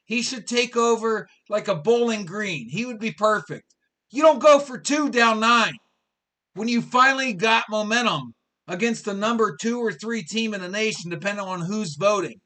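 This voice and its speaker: A man's voice: sits high, normal speed, sharp tone. A man in his fifties hosting a live sports talk show, ranting in an exasperated way and repeating his questions. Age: 50s.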